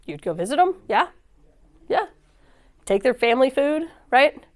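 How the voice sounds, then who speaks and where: Woman speaker for a church talk, high-ish voice, casual and laughing, acts out her stories. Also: big pitch swings, a little slow. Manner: chatty, laughs often, acts out quoted dialogue.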